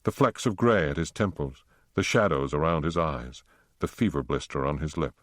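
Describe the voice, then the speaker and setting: A man narrating an audiobook in a steady, unhurried storytelling manner on a close microphone. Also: a bass voice, no echo.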